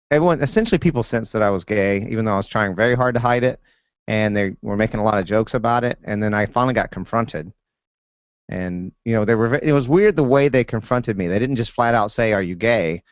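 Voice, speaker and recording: This fairly low-pitched man, a guest, speaks in a clean tone with no room sound. He shares personal stories in casual conversation, frequently stopping and starting over, and the audio is dull, dry and lo-fi.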